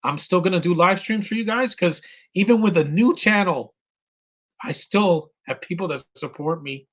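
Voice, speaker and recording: A man in his thirties, near tears, giving an earnest and halting live commentary as host of his own stream. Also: sits high, fairly bright tone. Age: 30s.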